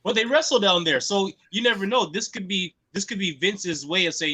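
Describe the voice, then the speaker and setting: An enthusiastic man in casual podcast talk, with a high, bright, forceful voice. He repeats phrases as he pushes his point. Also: brisk, husky, dry recording, low-quality recording. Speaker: podcast co-host. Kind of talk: casual chat.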